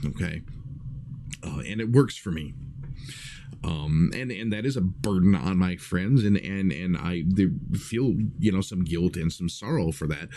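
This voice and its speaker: A man's voice: sits low, lively intonation, moderate pace, dark tone, a little hiss or hum. A man talking casually to his livestream viewers, earnest and rambling, with many fillers and restarts. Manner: earnest, reflective.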